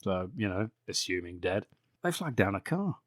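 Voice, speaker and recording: A man's voice: sits low, big pitch swings, moderate pace, dry recording, studio quality. A man hosting a podcast, sarcastically recapping a bad film with frequent swearing and laughter. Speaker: podcast host.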